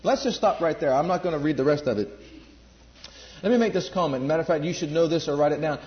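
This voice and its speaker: A man's voice: fairly high pitch, fast. A man preaching a sermon, emphatic, repeating phrases and asking his listeners questions. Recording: roomy, dull lo-fi sermon recording.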